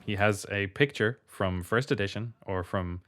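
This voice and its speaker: A man co-hosting a podcast in casual chat, chatty and playful and quick to laugh. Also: lowish voice, a bit bright. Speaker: podcast co-host.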